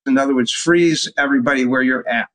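A man's voice: medium pitch, quick pace, a bit bright. A man, a doctor, answering an interview question in a plain, matter-of-fact way, a little away from the mic.

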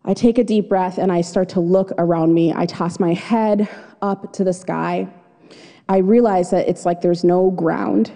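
A woman's voice: fairly low pitch, steady tone, a little slow, gravelly, warm tone. A woman telling a personal story live on stage, in a vivid, dramatic first-person way. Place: stage before an audience. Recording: long hall reverb.

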